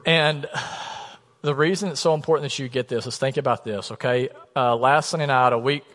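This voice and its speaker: A pastor in his thirties preaching a sermon, telling stories in a relaxed, conversational way. His voice sits at an ordinary male pitch and often sinks to a quiet, low tone to drive a point home. The sound carries the long reverb of a church sanctuary. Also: brisk. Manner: storytelling, conversational, drops to a soft low voice for emphasis.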